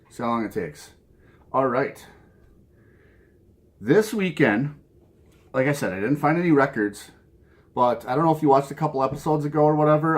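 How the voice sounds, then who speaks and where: A man from Minnesota with a Minnesota accent, talking casually to camera from his home music room, rambling and chuckling at his own asides. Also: mid-range voice. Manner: rambling, chuckles often, self-mocking asides. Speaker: vinyl collecting vlogger.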